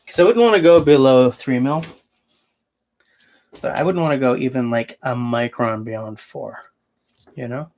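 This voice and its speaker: A man's voice: mid-range voice, a little slow, long pauses, a little mellow. A man hosting a casual livestream, answering viewers and thinking aloud as he rambles. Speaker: livestream host.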